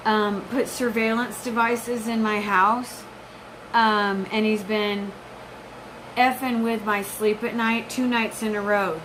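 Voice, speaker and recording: A woman in her forties delivers an intense, rambling, profane personal monologue, jumping from topic to topic. Her voice is on the high side and a bit bright. The audio is poor, with slight background noise.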